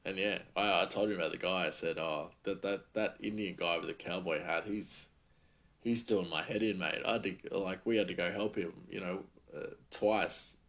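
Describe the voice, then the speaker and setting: A man's voice: deep voice, steady tone, normal speed, fairly bright tone. Rambling man telling a story. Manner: rambling, heated, lots of fillers. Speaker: chef. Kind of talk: casual storytelling monologue.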